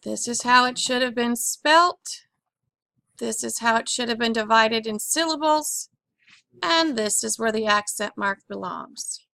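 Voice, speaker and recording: A woman's voice: on the high side, measured pace, vocal fry, pushed and bright, no room sound. A woman teaching a phonics lesson on syllables and accents, patiently asking questions and repeating each word for her pupils.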